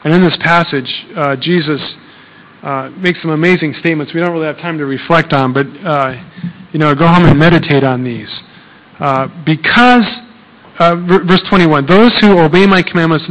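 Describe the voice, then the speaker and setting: A man's voice: a little high, a bit bright, big-room sound, low-quality recording. A man preaching a sermon in a conversational way, often checking in with "okay?" and using fillers. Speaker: pastor.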